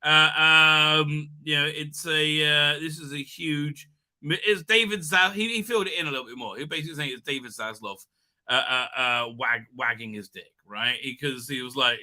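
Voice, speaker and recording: A man with a croaky voice from being sick, hosting a rambling casual livestream. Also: on the high side, unhurried, pushed and bright. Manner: rambling, many restarts and fillers. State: hoarse from illness. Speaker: livestream host.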